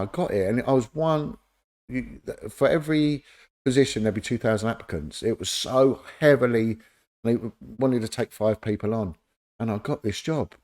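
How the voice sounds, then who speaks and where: Middle-aged man telling stories. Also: lowish voice. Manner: animated anecdote-telling, acts out quoted dialogue. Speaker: interview guest, former police officer. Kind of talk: casual storytelling.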